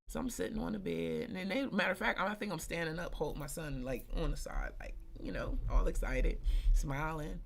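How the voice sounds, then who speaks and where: Gravelly-voiced woman telling a blunt story. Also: sits low, a little fast, a little hiss or hum. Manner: colloquial and blunt, heavy slang and swearing; animated, addresses listeners directly. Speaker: host. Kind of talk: candid personal storytelling on a live stream.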